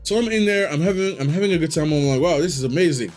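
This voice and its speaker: A young man streaming live, telling a long profane story in a casual, animated way and jumping into high excited voices when he quotes himself. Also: quick pace, soft background music. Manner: animated, profane, jumps into high excited voices for his own past self.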